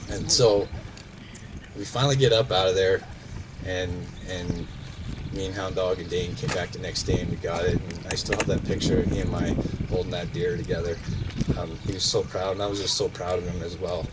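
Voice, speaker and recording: A man's voice: low-pitched, moderate pace, background noise. A man, a former coach, tells a personal hunting story at a memorial service and acts out the sound effects. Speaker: eulogy speaker, former coach.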